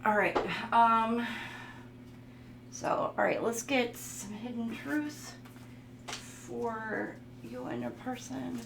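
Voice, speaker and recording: A tarot reader with a fairly high, creaky voice speaks very slowly, giving her viewers a casual, playful and sometimes goofy reading as she reads card messages aloud. The recording has a roomy echo and faint background noise.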